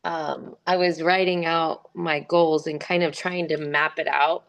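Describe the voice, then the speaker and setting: A woman's voice: low-pitched, fairly even intonation, unhurried, vocal fry, highs cut off. A middle-aged woman in a group call, talking casually in a rambling way with many fillers and restarts. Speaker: group member. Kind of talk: casual chat.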